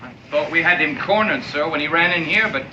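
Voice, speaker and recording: An actor playing a dutiful British army corporal who is meek with officers and gruff with townsfolk, in a 1960s television drama. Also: male voice, fairly high pitch, brisk, natural voice. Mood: deferential. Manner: deferential to superiors, gruff with civilians. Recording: dull old TV soundtrack with background noise.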